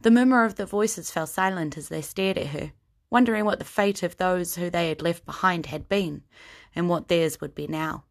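A woman's voice: on the low side, normal speed. A woman narrating a fantasy story as game master in a tabletop game.

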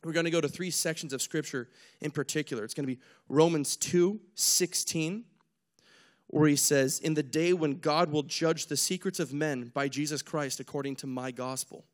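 A young man gives a relaxed, joking sermon, slipping into quick voices for the people in his story. His voice sits a little high, and he laughs at his own asides. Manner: animated storyteller, acts out characters, jokes at himself. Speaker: preacher. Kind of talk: casual retelling sermon.

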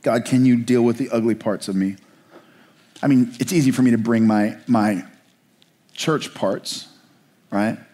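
A man preaching a sermon as a pastor, passionate and searching, with slow pleading questions and quicker explanatory asides. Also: mid-range voice, mellow.

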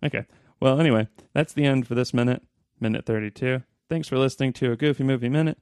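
Man, podcast co-host, casual playful chat, slightly gravelly, dry close sound. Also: medium pitch, fairly even intonation, fast, darkish tone, dry recording. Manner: playful, puts on voices when reading quotes. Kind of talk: casual chat and reading aloud from a book.

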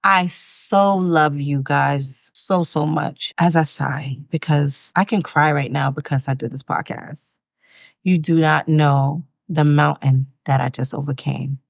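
A woman's voice: deep voice, creaky, no echo, clean studio sound. A woman hosting her own self-help podcast, speaking frankly and emphatically and swearing freely. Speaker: podcast host.

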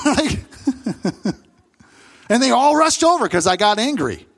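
A middle-aged man preaching a sermon as pastor, telling the story with animation and loudly acting out the voices he quotes. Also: extremely high pitch, lively intonation, normal speed, long pauses.

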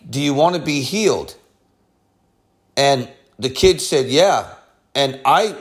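A man preaching a sermon and telling a personal testimony, with bursts of loudness, quiet asides and frequent repeated words. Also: a little high. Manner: animated storytelling, swinging between loud bursts and quiet asides; repeats words and restarts phrases.

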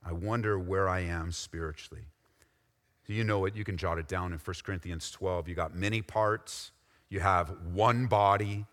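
A man preaching a sermon, swinging from loud, rising exhortation to low, quiet intensity. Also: steady tone, normal speed. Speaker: pastor. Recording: long hall reverb.

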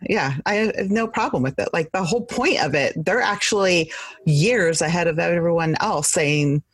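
A podcast co-host in casual chat, speaking in a measured, thoughtful way. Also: mid-range voice, a bit bright, husky, no echo.

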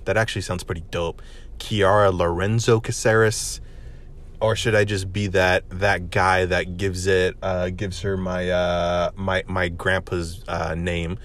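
Excitable rambling young man. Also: low voice. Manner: excitable, profane, rambling with many restarts. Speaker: podcast host. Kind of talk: casual solo podcast monologue.

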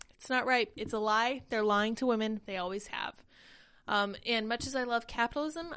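A woman's voice: on the high side, fairly bright tone, smooth. A woman in her thirties hosting a political commentary livestream, chatting conversationally and reading tweets and comments aloud. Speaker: host.

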